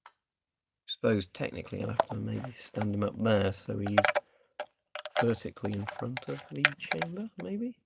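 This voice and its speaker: A man's voice: on the low side, expressive, normal speed, gravelly, heavy background noise. A man doing a casual live stream, chatting and thinking aloud while he tests equipment.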